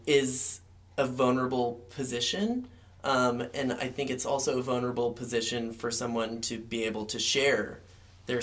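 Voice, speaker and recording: A cast member answering interview questions casually, pausing and restarting earnestly, and later telling a story through laughter. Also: mid-range voice, fairly bright tone. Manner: halting earnest speech, then laughing storytelling.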